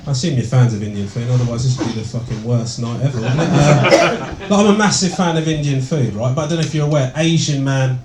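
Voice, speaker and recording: A man doing a stand-up comedy set, deadpan and sardonic, with plenty of swearing. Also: mid-range voice, fast, few pauses. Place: small comedy venue, indoors, with audience. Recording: echoey room, distant, loud noise. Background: audience laughter.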